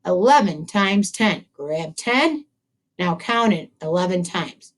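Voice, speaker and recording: A woman's voice: lowish voice, animated, slow. A woman teaching a math lesson to second graders, upbeat and encouraging, chatting with a puppet as she goes. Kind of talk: video math lesson for children.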